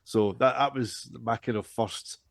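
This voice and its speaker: A man, telling a lively, self-deprecating story on a casual podcast. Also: mid-range voice, measured pace, gravelly, no echo, clean studio sound. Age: 40s. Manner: animated, self-deprecating, frequent restarts and laughter. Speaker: podcast co-host.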